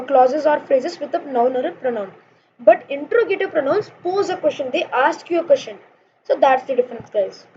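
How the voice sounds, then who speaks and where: Young woman, high mellow voice, patient grammar teacher, lo-fi home recording. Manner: explains slowly with examples, fillers and "guys". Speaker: online English teacher. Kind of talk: informal grammar lesson. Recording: dull lo-fi sound with faint noise.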